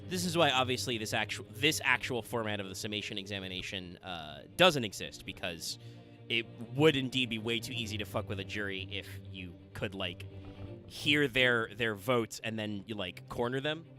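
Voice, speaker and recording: A man chatting casually while streaming a video game. He rambles, jokes and swears freely, his voice bright and forward. Faint game music sits behind. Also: lowish voice, expressive, normal speed. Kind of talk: casual let's-play chat.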